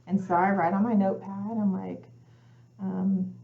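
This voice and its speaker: A woman's voice: medium pitch, flat delivery, moderate pace, creaky. A woman, a guest coach on a talk show, telling her personal story in earnest and acting out her own past thoughts as she goes. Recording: slightly muffled lo-fi audio.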